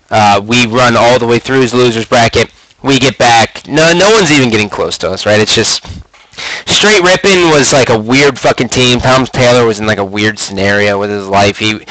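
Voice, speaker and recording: A man's voice: medium pitch, fairly bright tone, no room sound, low-quality recording. A man in his twenties hosting his own show, telling stories about his competitive gaming days in a brash, profane, swaggering way. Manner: brash, profane, swaggering trash-talk storytelling. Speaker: podcast host recounting esports career. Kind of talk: casual storytelling monologue.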